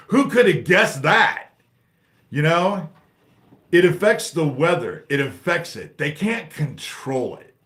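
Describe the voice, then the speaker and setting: A man's voice: fairly high pitch, a bit bright. A man hosting a livestream, angrily ranting with heavy swearing, jumping between topics and reading the chat aloud. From United States. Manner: angry, profane, jumps between topics and reads chat aloud. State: agitated. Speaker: livestream host.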